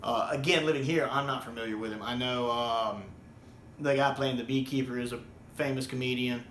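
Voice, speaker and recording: With a steady, fairly bright mid-range voice and a brisk pace, an American man delivers a rambling video review, repeating words, restarting, and saying um a lot. The room is echoey, and there's slight background noise.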